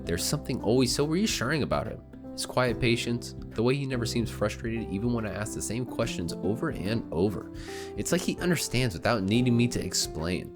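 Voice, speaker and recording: A young man with a low voice, reading a visual novel aloud for his gaming channel. He talks in an excitable, loose way, swearing and laughing between lines. Game music plays under his voice. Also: brisk.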